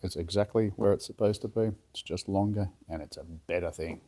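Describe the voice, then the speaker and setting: Hoarse low-voiced man in a garage. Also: fairly quick. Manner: relaxed, plain-spoken, talks through each task. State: hoarse from a cold. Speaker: workshop builder demonstrating a chassis rebuild. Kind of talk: casual step-by-step how-to explanation. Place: home garage workshop.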